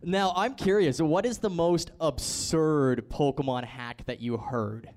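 A man's voice: fairly high pitch, unhurried, darkish tone. Chatty male podcast host. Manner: asks guests questions, chatty. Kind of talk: casual group chat.

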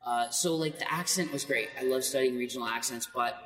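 The speaker is a male voice actor recounting stories in a casual interview, lively and quick to laugh. He talks a little fast in a mid-range voice; the mic is distant, faint music plays behind him, and the echoey hall has faint noise.

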